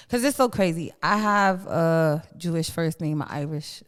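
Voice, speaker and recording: A woman's voice: sits low, lively intonation, normal speed, clear, resonant tone. A middle-aged woman co-hosting a casual podcast, telling stories in a blunt, salty way. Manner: blunt, storytelling, swears freely. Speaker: podcast co-host.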